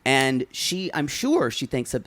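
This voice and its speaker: A podcast co-host in casual conversation, with a mid-range voice that swings widely in pitch. They gossip and tease in an animated, playful way. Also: measured pace. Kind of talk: casual chat.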